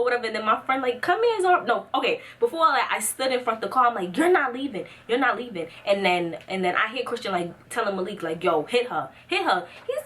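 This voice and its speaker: A young woman telling a dramatic storytime, acting out the quotes with lively, rising pitch. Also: fast talker, hardly any pauses, far from the mic, a little hiss or hum. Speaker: vlogger. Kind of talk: storytime vlog.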